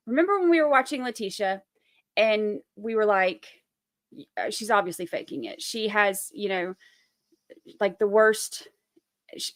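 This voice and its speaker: A woman's voice: mid-range voice, fairly bright tone, no echo, studio quality. A woman hosting casual live-stream commentary on a trial, rambling with many fillers and restarts.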